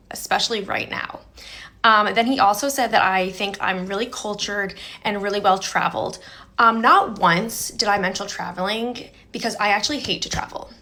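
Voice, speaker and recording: A woman's voice: mid-range voice, pushed and bright. A young woman from New Jersey tells the story of a bad date indignantly, quoting herself and him. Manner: indignant, quotes both sides with "I was like". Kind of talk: casual storytelling video.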